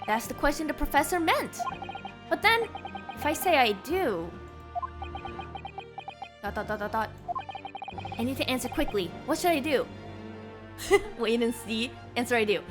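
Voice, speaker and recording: A woman's voice: a little high, sing-song, moderate pace, long pauses. A young woman streaming a game, reading its dialogue aloud in several voices and reacting with playful giggles. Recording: music playing behind the voice.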